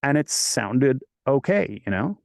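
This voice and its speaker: A man's voice: mid-range voice, sing-song, unhurried, vocal fry, no echo, studio quality. A man from Quebec, a voice actor talking casually as an interview guest and telling stories in a rambling, self-correcting way. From Quebec, Canada.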